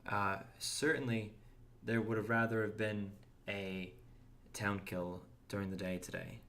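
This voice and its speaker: A young man talks through a game stream in a relaxed, chatty way, greeting viewers and restarting his words as he goes. His voice sits on the low side, and a faint hum of room noise runs under it. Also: measured pace. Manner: chatty, reads and answers chat, restarts words. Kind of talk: casual gameplay commentary.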